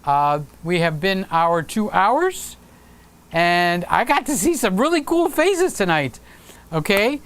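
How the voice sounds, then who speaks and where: A man's voice: sits high, sing-song, takes it slowly, a bit bright, a little hiss or hum. A man hosting a casual livestream, chatting upbeat and reading viewer comments aloud with frequent fillers. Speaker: livestream host.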